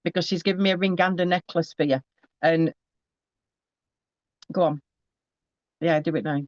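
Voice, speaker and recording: A man gives a psychic reading in a fairly high, chatty voice. He often trips and restarts mid-phrase as he relays messages. The recording is dry and slightly muffled. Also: fairly even intonation, normal speed, no room sound. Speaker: psychic medium. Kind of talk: live spirit reading to a sitter.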